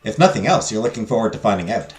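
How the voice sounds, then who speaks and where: A man streaming a story game, reading its narration and chatting in an animated, rambling, self-deprecating way. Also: lowish voice, quick pace, reverberant, soft background music. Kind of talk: casual game commentary and narration.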